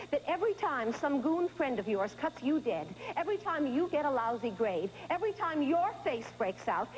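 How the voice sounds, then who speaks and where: A woman's voice: high voice, slight background noise, low-quality recording. A frantic, stammering mother. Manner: frantic, stammering, exasperated, talking to an unseen child. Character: frazzled middle-aged mother of a teenage daughter. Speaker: stage actress in a one-woman show. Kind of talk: theatrical stage monologue. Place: theater stage.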